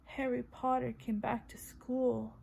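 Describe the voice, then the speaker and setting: A woman's voice: a little high, measured pace, gravelly, a little hiss or hum. A woman voicing a small, miserable male house elf who pleads in a whisper.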